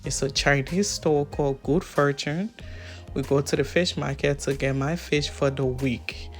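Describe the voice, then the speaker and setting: A woman's voice: sits low, a little slow, faint music behind. A woman from Africa with an African accent, chatting casually to her viewers in a vlog and laughing often. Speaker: vlogger.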